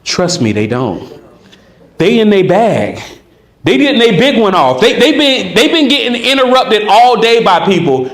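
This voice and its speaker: A man teaching conversation skills at a live workshop, animated and acting out both sides of a chat. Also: high-pitched. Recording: echoey room.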